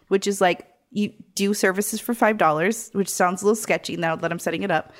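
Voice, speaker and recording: A woman's voice: mid-range voice, a little fast, few pauses. A woman hosting a casual podcast, candidly telling a personal story and laughing easily. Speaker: podcast host. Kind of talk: casual chat.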